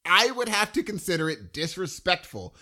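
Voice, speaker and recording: Chatting casually as a podcast co-host, this middle-aged man has a high voice and a moderate pace. His delivery is lively, and he voices other people's lines as he quotes them.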